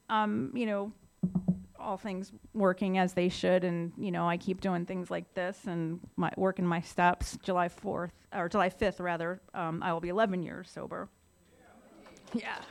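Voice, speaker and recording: With a smooth, mid-range voice, a middle-aged woman shares her recovery story. She talks about getting sober openly and conversationally, leaning on plenty of fillers as she goes.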